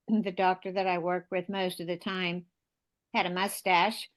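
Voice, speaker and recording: A woman from the audience, once a nurse, recounts a personal story in a plain, candid way. She clears her throat now and then. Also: fairly low pitch, little pitch movement, unhurried. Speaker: audience member, former nurse.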